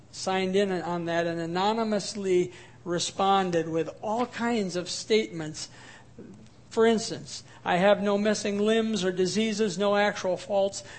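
A high-voiced man preaches a sermon. He sounds animated and gets loud and forceful on his points of emphasis. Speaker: pastor.

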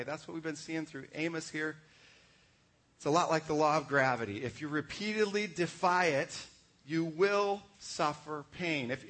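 Husky-voiced man preaching a sermon. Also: fairly high pitch, fairly bright tone. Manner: conversational, asks the congregation questions. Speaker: pastor.

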